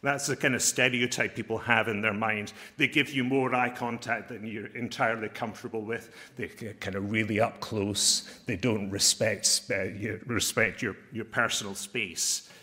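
A man preaching a sermon as a pastor and chaplain, earnest and emphatic, slowing down to stress key phrases. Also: fairly low pitch, sharp tone.

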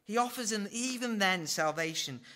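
Animated and bright, with a pushed delivery at normal speed, this man works through the Bible verse by verse. Quoted lines get acted out with large swings in pitch, and he slips in wry asides.

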